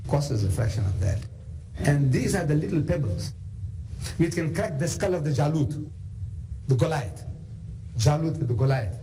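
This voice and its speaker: A South African man giving a storytelling religious lecture, animated and full of conversational asides. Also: a little high, normal speed, pauses often, background noise. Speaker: Islamic lecturer.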